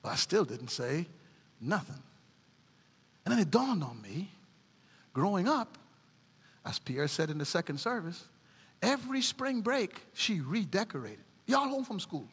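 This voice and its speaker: A middle-aged woman preacher giving a sermon, mixing animated preaching with folksy stories about her family. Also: on the low side, measured pace, pauses often, slightly rough, big-room sound.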